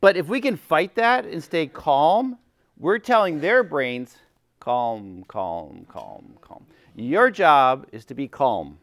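A man's voice: on the high side, big pitch swings, takes it slowly, a bit bright, dry recording. A middle-aged man giving an informal teaching talk to a group. He acts out little quotes and keeps checking in with "right?". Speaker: workshop speaker, former chaplain.

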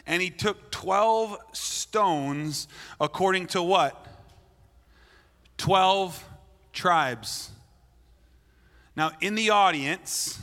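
A man's voice: on the high side, bright, forceful tone. A man preaching a sermon to a crowd, blunt and playful, acting out the lines he quotes. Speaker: pastor. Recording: long hall reverb.

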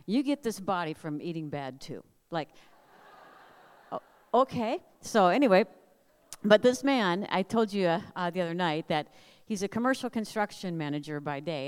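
A woman's voice: on the low side, clear, resonant tone. Older woman telling funny stories in a hall. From Minnesota. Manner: animated, humorous storyteller. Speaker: speaker at family camp. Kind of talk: storytelling sermon. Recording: long hall reverb.

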